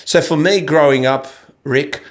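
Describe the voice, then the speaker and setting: An Australian man in his fifties hosts a relaxed podcast conversation. He rambles, circles back and restarts his sentences as he feels his way toward a question. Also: a little high, measured pace. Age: 50s. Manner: rambling, loose, with restarts and laughs. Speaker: podcast host. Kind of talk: casual interview chat.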